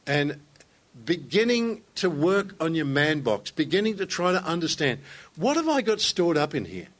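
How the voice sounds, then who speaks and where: An older pastor preaches a sermon at a moderate pace in a higher voice with big pitch swings. He tells stories emphatically and builds up to raised, fervent passages.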